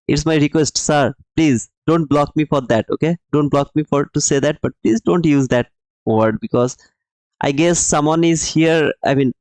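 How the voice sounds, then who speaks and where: Man, live trading streamer, slightly high voice, emphatic and repetitive, dry close sound. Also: a little mellow, no echo, rough recording. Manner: emphatic, repeats himself, calls viewers brother. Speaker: livestream trading host. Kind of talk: live-stream market commentary and chat replies.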